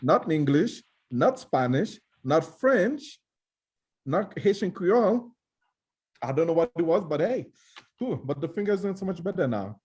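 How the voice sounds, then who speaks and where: A man hosting a casual live-stream chat over a video call, with an upbeat, teasing way of talking. His voice sits a little high and has a husky, breathy edge. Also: very animated, unhurried, darkish tone. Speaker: show host.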